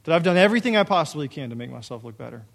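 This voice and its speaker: A young man preaching a sermon as a pastor, conversational and animated, full of rhetorical questions. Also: fairly high pitch, racing, gravelly.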